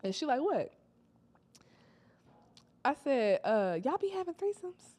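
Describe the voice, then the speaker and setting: A young woman telling a casual storytime, slangy and animated, acting out her friends' lines. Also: high voice, takes it slowly. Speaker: storytime vlogger.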